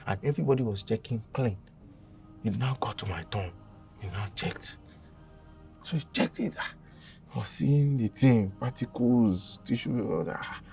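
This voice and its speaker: A young Nigerian man telling a funny confession story in a casual, dramatic and animated way, with a gravelly voice. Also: medium pitch, normal speed, pauses often, distant mic, faint music behind. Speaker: guest.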